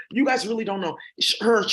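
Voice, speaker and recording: Speaking directly to her viewers, a woman vlogger delivers a rambling, accusatory monologue packed with ums and uhs. Her voice sits at a medium pitch, sounds animated and fairly bright, and moves at a normal speed.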